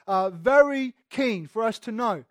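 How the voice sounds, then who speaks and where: High-voiced man preaching a sermon. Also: expressive, unhurried, a bit bright, no room sound, clean studio sound. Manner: conversational teaching, addressing listeners directly.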